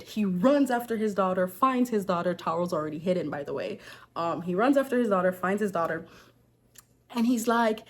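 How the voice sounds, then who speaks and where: A woman retells a folktale in a chatty, slangy vlog style, stopping often for joking asides to her viewers. Her voice sits at an ordinary pitch for a woman. She sounds relaxed and unscripted. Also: moderate pace. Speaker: folktale storyteller. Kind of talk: casual storytelling vlog.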